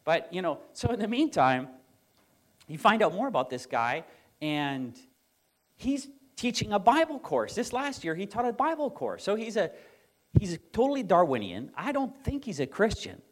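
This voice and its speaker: A male pastor preaching a sermon, telling stories and quoting others with animated emphasis. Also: high-pitched, normal speed.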